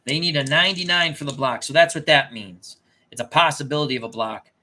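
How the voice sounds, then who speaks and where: This man's voice is a little high and a little fast, with a bright, forceful tone. A tabletop game player who hosts a channel, he thinks aloud casually over a dice game, muttering and self-correcting often.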